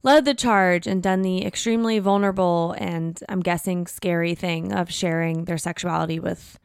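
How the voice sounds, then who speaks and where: A woman co-hosting a podcast in casual chat, chatty and quick with asides. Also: lowish voice, fairly even intonation, vocal fry, smooth, no room sound, studio quality. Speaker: podcast co-host.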